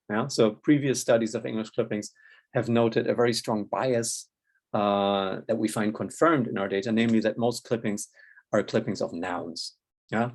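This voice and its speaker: A man's voice: fairly low pitch, a little mellow. A man with a German accent giving a recorded linguistics lecture, explaining step by step with many fillers and a recurring "yeah".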